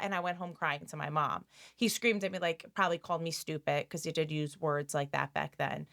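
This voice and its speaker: Candid, hesitant woman with a low voice. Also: fairly even intonation, normal speed, creaky, hardly any pauses, a bit bright. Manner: candid, hesitant, laughs easily. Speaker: guest. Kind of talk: casual conversation.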